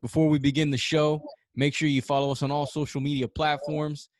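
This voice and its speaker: A man's voice: a little high, flat delivery, brisk, a little mellow. A man hosting a casual podcast chat over an online call, laid-back, with many fillers and restarts. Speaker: podcast host.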